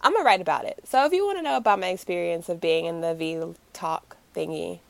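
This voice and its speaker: A woman's voice: fairly low pitch, fast, gravelly, no room sound. A young woman co-hosting a casual chat podcast, wry and teasing with her friends. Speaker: podcast co-host.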